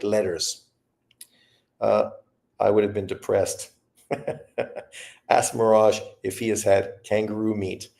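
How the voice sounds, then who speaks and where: A man's voice: on the low side, gravelly, darkish tone. A man in his fifties telling rambling, profane stories in a casual livestream chat. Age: 50s. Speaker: boxing livestream host.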